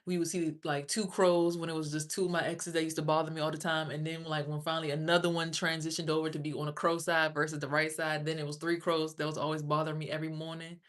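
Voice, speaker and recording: A woman's voice: low voice, level tone, fast talker, hardly any pauses. A woman livestreaming, talking casually and at length to her viewers, rambling and swearing freely. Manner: rambling, profane, talks straight to viewers.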